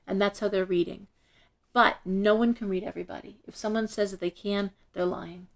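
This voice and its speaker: A middle-aged woman, a shop owner, telling stories as an interview guest in an animated way, acting out the voices of the people in them. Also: medium pitch, fairly quick. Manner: animated, acts out quoted voices when telling a story. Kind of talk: casual storytelling in an interview.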